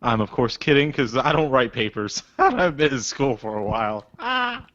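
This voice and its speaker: A man co-hosting a podcast in casual, joking chat, with loud bursts of laughter. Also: medium pitch, very animated, moderate pace. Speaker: podcast co-host. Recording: dry, slightly dull podcast audio.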